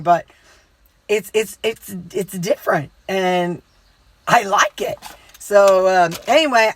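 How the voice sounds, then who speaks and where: A woman's voice: medium pitch, dry recording. A middle-aged woman chatting casually in a rambling, folksy vlog. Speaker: vlogger.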